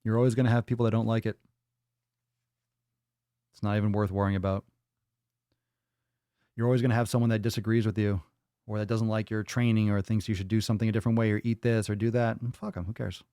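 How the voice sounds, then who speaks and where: A man's voice: lowish voice, level tone, fast talker, long pauses, warm tone, clear, resonant tone, no echo, studio quality. A man hosting a live fitness Q&A stream, blunt and profane as he answers chat. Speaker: fitness podcast host.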